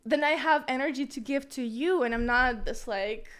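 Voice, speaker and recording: A woman's voice: high voice, moderate pace, a bit bright, clear, resonant tone. A young woman guest on a podcast, talking candidly and bluntly in casual chat, with lots of fillers.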